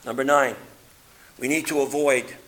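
A man preaching a sermon, reading scripture aloud and swinging between loud emphatic peaks and quiet low passages. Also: steady tone, normal speed, a little hiss or hum. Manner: reads scripture aloud in King James wording.

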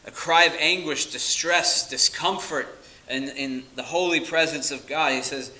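Male pastor, very bright tone, earnest emphatic delivery. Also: a little high, measured pace, rough recording. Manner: earnest preaching with emphatic repetition. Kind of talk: sermon.

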